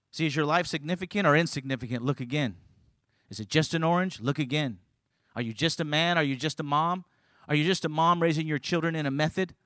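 A middle-aged man preaching a sermon, telling stories and moving from loud, emphatic lines to quiet, hushed ones. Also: fairly high pitch, dry recording.

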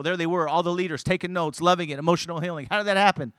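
Middle-aged guy preaching, fairly high voice, swings loud to hushed as he tells stories. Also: steady tone, rapid-fire, dry recording. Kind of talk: sermon.

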